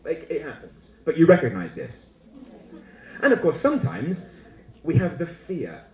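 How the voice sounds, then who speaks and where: A man lecturing a room of teachers with a lively, swinging delivery and a playful sense of humour. His voice carries through a roomy, echoey hall. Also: a little high, moderate pace. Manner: animated, humorous, acts out student and teacher voices. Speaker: conference speaker.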